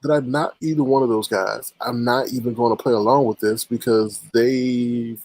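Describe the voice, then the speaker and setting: A man's voice: mid-range voice, fairly even intonation, moderate pace, a little mellow, dry recording, low-quality recording. A man hosting a casual livestream chat, talking in a sarcastic, teasing way. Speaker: livestream host.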